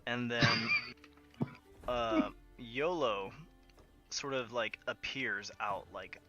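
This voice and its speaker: A man's voice: mid-range voice, very slow, bright, forceful tone, muffled recording, soft background music. A man narrating as game master of a tabletop game, playful and full of fillers. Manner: playful storytelling with frequent fillers.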